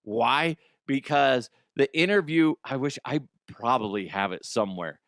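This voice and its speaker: A man's voice: mid-range voice, lively intonation, unhurried, a bit bright, no echo, clean studio sound. A man hosting a comedy news show, chatting casually, swearing and laughing often at himself. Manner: laughs often, profane, self-mocking.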